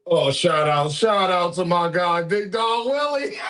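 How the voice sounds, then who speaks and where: Male live-stream host, loose profane banter, voice sits a bit high. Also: big pitch swings, a little slow. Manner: loose, profane, teasing, shouting out viewers. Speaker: livestream host. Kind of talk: casual live-stream boxing talk.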